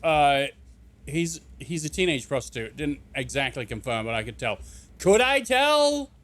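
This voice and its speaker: A man's voice: medium pitch, moderate pace, fairly bright tone. A man streaming a video game, commenting casually in a joking, incredulous way. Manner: joking, incredulous, laughs often.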